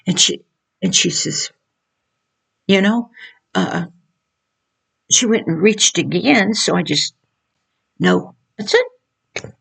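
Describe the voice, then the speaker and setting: A woman's voice: fairly low pitch, slow pace, gravelly, pauses often, a bit bright, breathy edge. An older woman giving earnest, preachy Christian advice on raising children, repeating her points as she goes. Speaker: mother giving parenting advice. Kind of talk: informal Christian teaching monologue.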